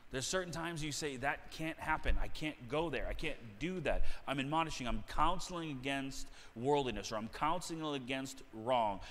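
Baptist pastor preaching in a reverberant church. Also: male voice, mid-range voice, fairly bright tone. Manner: conversational preaching with repeated words and restarts. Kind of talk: sermon. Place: church sanctuary.

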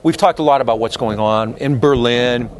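A man's voice: medium pitch, normal speed, a little hiss or hum. A man lecturing a history class in a loose, digressive way, full of fillers and asides.

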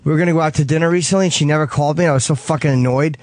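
Male co-host, quick blunt studio banter, very dry close sound. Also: a little high, a little mellow, no echo. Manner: fast, blunt storyteller. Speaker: radio co-host. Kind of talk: casual radio banter.

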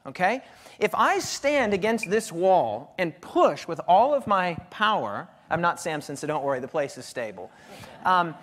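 A man preaching a sermon to a live audience, emphatic and animated, repeating phrases to drive points home. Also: high voice. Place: stage with lighting before an audience. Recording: hall reverb.

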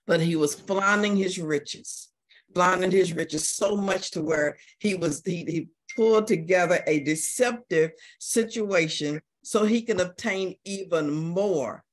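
A woman teaching an adult Sunday school class, telling a story in a lively way with many repeated words. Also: fairly low pitch, a little slow.

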